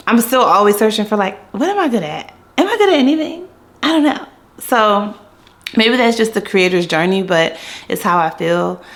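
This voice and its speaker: Candid, chatty woman from Philly; casual vlog to camera, mid pitch. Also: fairly bright tone. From Philadelphia. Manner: chatty, candid, playful quoting voices. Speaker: vlogger.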